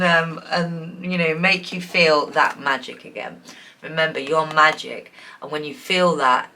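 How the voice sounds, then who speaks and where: Woman tarot reader, pick-a-card style, lowish bright voice, loose and giggly delivery full of fillers. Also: moderate pace, slight background noise. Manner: chatty, giggly, warm and encouraging, many fillers.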